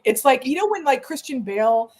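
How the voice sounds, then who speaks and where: A woman's voice: high-pitched, very animated, a little fast, a little mellow. A woman co-hosting a podcast, chatting casually and animatedly about a film and laughing often. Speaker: podcast co-host.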